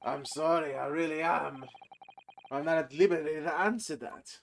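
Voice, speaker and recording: A man reading the lines of an older male prison governor, in a low, slow and measured way. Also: steady tone, creaky, slight background noise. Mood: gruff.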